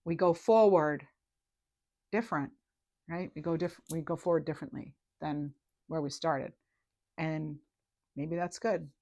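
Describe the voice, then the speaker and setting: A woman giving a casual tarot reading to her viewers, chatty and reassuring, often checking in with "right?" and letting phrases trail off softly. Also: deep voice, measured pace, creaky, pauses often. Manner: chatty and reassuring, with frequent "right?" and "you know". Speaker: tarot reader.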